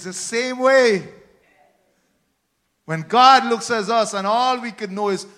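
A man preaching a sermon to a church, with rhetorical questions and dynamic swings from hushed words to shouting. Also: sits high, normal speed.

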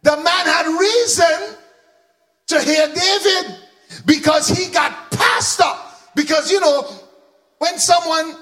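A man preaching a sermon, animated, shouting for emphasis and asking the congregation questions. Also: extremely high pitch, takes it slowly, pauses often.

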